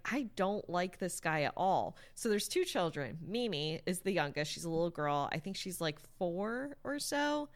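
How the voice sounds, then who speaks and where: Rambling low-voiced woman recapping a story. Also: fairly bright tone. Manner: rambling, lots of "like" and "um", casual swearing. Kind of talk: casual chat.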